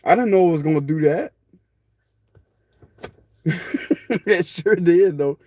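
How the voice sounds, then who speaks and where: A man's voice: fairly high pitch, slow, warm tone. A man chatting casually to viewers on his phone, joking, laughing often and swearing freely. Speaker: spiritual tarot channel host. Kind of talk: casual rambling chat to viewers.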